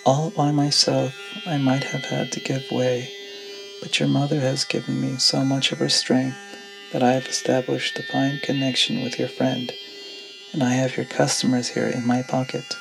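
A man's voice: medium pitch, completely flat delivery, normal speed, vocal fry, natural voice, rough recording. A man reading as a scornful old father. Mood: boastful. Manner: mocking, harsh, accusing. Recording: music bed underneath.

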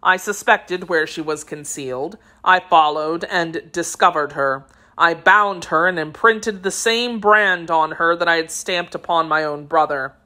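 A grim, cold male executioner recounting his story with solemn weight, read by a woman narrator. The voice sits a little low with a bright, sharp edge, and the delivery stays measured and severe in this storybook reading.

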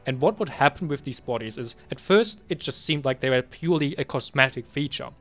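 A young man talking casually while reviewing his old game bans. He mutters asides to himself and then bursts into loud, exasperated ranting. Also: mid-range voice, a little fast. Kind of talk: casual screen-recorded commentary.

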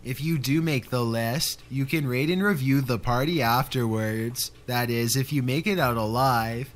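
A man's voice: medium pitch, unhurried. A man giving scripted narration for a countdown video, delivered with dry, sarcastic asides.

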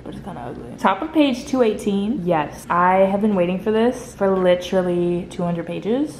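A woman's voice: medium pitch, a little hiss or hum. A young woman chatting through her reactions to a book as she reads it, sometimes dropping to a whisper and swearing freely. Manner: chatty, frequent swearing, excitable, drifts to soft whispers. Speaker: book vlogger. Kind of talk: casual reading reactions to camera.

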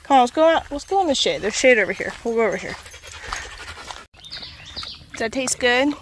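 A woman's voice: a little high, lively intonation, fairly quick, a little hiss or hum. Chatty woman vlogging on a walk. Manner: chatty, rambling, talks to her dog. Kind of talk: casual walking vlog. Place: outdoor trail.

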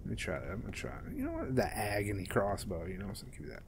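A man's voice: lowish voice, wildly swooping pitch, quick pace, background noise. A man commentating his horror game play, jumpy and profane, with panicky outbursts and out of breath at times. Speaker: gaming YouTuber.

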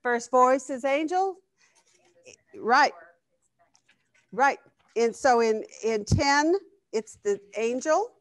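A woman's voice: high-pitched, expressive, slow pace, pauses often, no echo. A woman teaching a live Bible study class, reading scripture aloud and checking in with the class. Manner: conversational, asks the class questions, reads scripture aloud.

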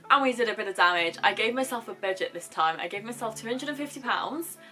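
A woman's voice: a little high, animated, fast, sharp tone, soft background music. A young woman vlogger chatting casually and gushing about a shopping haul. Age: young adult.

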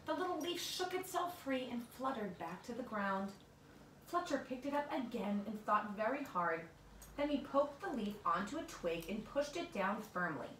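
A woman reading a picture book aloud to a child in an expressive way, with asides to the listener, recorded far off in an echoey room with noise. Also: on the high side, moderate pace. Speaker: storybook reader.

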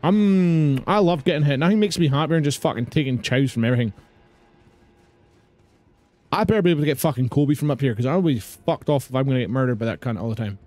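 A man's voice: mid-range voice, fast talker, a little mellow, soft background music. A man with a British accent doing live gameplay commentary, swearing and ranting at the game in exasperation. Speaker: streamer.

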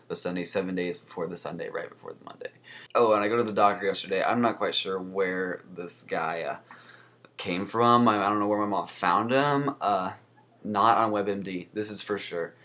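Congested young man, sarcastic and coughing. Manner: sarcastic, rambling, animated jumps in pitch. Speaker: vlogger. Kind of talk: casual sick-day vlog.

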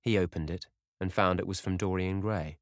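A man reading a classic novel aloud in a measured, even narration. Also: low-pitched, no room sound, studio quality. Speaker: audiobook narrator. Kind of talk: scripted narration.

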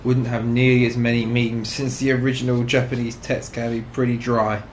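A man's voice: mid-range voice, flat delivery, fairly quick, roomy sound, a little hiss or hum. A man giving chatty, joking commentary while playing a video game. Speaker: gamer co-host. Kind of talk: casual let's-play commentary.

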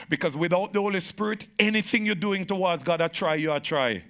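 A male pastor preaching with a high, gravelly voice and a sharp, bright edge. He hammers home repeated phrases. He swings between shouted peaks and slow, hushed stretches. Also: lively intonation. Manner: insistent repetition of phrases. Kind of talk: sermon to a live congregation.

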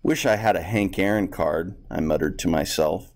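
A man's voice: low-pitched, normal speed. A male teacher reading a textbook story aloud to students and explaining vocabulary in a plain, explanatory way.

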